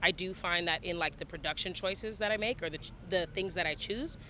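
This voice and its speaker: Upbeat Toronto woman with a bright voice. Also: on the low side, fairly quick, slight background noise. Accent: Toronto English. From Canada, Toronto. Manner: upbeat, chatty. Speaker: musician guest. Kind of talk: casual interview. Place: outdoors backstage at a festival.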